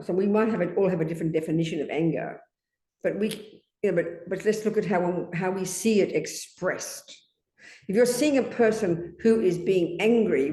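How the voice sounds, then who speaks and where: A woman's voice: fairly low pitch, a little mellow. A woman Buddhist teacher giving an emphatic dharma talk, often asking her listeners rhetorical questions. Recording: echoey room.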